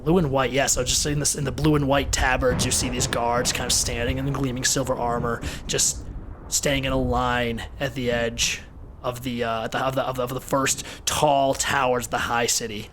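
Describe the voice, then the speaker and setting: A man's voice: mid-range voice, level tone, normal speed, background noise. A man narrating as game master of a tabletop game, rambling and repeating words as he thinks.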